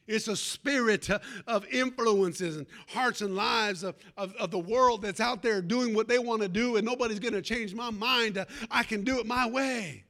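A man's voice: high-pitched, normal speed, hardly any pauses, pushed and bright. A man preaching a sermon, calling out for amens and telling a folksy personal story with fervor.

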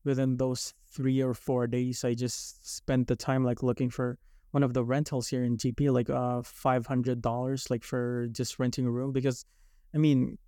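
A man's voice: mid-range voice, level tone, moderate pace, mellow, no echo, clean studio sound. A young man from Canada telling his story in a casual podcast chat, rambling with lots of likes and restarts. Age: young adult.

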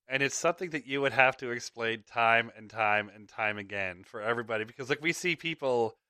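A man's voice: medium pitch, lively intonation, moderate pace, pushed and bright, no echo, clean studio sound. A man hosting a podcast in rambling casual chat, chuckling between thoughts, with a slight clicky sound to his voice. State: slight clicky voice from ear infection. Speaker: podcast host.

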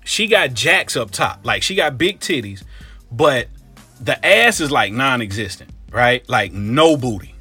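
A man from Cincinnati telling a comic story in slangy, profane talk, full of animated asides. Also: mid-range voice, unhurried, husky, soft background music. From Cincinnati, Ohio.

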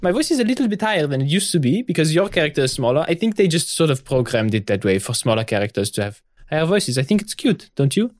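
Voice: mid-range voice, very animated, quick pace, few pauses, darkish tone, voice pushed up, natural voice. A player voicing a formal, accented woman in a techno gremlin body who speaks without contractions. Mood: dry.

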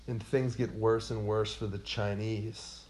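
A man's voice: on the low side, flat delivery, unhurried, a little mellow. A man co-hosting a casual history podcast, quizzing his co-host in a playful way.

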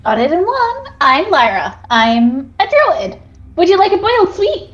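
A woman playing in a tabletop game, playful and unhurried. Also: very high-pitched, wildly swooping pitch, lo-fi sound. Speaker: player. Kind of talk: tabletop role-play.

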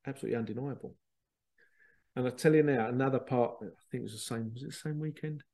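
A man, a spiritual medium, casually telling a rambling, excitable story, repeating himself and swearing now and then. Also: medium pitch, fast. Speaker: spiritual medium and podcast host.

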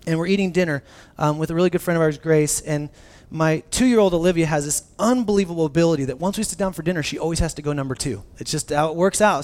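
Man preaching, fairly high voice, animated storytelling, thirties. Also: quick pace, few pauses. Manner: animated storytelling with many restarts. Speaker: pastor. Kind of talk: sermon.

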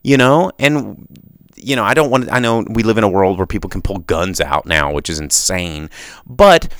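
A man's voice: fairly low pitch, lively intonation, normal speed, fairly bright tone, no room sound, clean studio sound. Rambling, passionate man hosting a solo podcast. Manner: rambling, tangent-prone, passionate. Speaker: podcast host.

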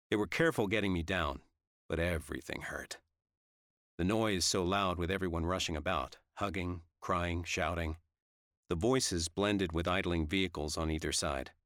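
Deep-voiced man narrating a story. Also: a bit bright, no echo, clean studio sound. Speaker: audiobook narrator. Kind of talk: first-person audiobook narration.

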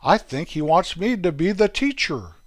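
A man voicing Earl, a naive, puzzled high school freshman boy, in a raised voice. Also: very animated, normal speed, no room sound.

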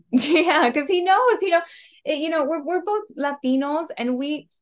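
A woman in her thirties, a comedian on a podcast, telling stories in an animated way with laughter. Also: high voice, measured pace. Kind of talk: casual chat.

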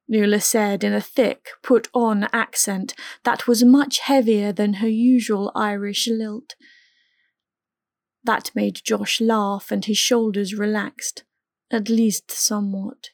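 A woman narrating an erotic story in an unhurried, even reading. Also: mid-range voice, creaky, dry recording, clean studio sound. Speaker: audiobook narrator.

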